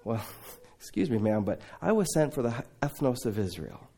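A man voicing a calm, gentle Jesus as he retells a gospel scene in a sermon. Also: medium pitch, normal speed, slightly rough, voice pushed down.

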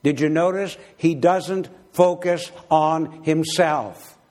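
A man preaching a sermon as pastor, slow and deliberate, with gentle humor. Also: a little high.

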